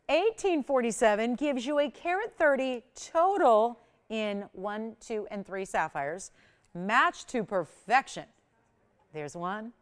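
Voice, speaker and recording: A woman hosting a live jewelry shopping show, chatting and selling with upbeat patter and bursts of excitement. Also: on the high side. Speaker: shopping channel jewelry host. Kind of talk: live home shopping presentation.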